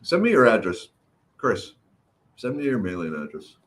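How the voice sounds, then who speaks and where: A man's voice: lowish voice, huge pitch swings, normal speed, fairly bright tone. A middle-aged man hosting a casual livestream, greeting viewers by name and chatting while his throat recovers. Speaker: livestream host. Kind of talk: casual livestream chat reading comments.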